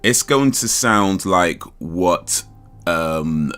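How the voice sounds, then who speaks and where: A man's voice: low-pitched, animated, drawn-out words, a bit bright, clear, resonant tone, soft background music. A man hosting a casual livestream chat, rambling, laughing and trailing off mid-thought. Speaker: livestream host.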